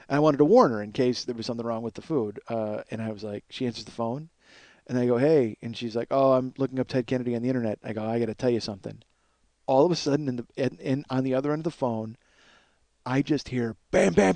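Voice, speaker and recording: A man hosting a podcast, telling a long rambling story on his own, full of swearing, trailing off into mumbles and then rising to excited shouting. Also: mid-range voice, no room sound. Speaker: podcast host. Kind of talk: solo storytelling monologue.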